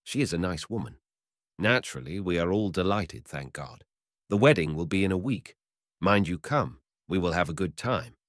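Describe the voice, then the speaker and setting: A man voicing a stingy older customer who talks in a brisk, dismissive, matter-of-fact way. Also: low-pitched, animated, no echo, clean studio sound. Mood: chatty. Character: older man, smug miserly customer, blunt.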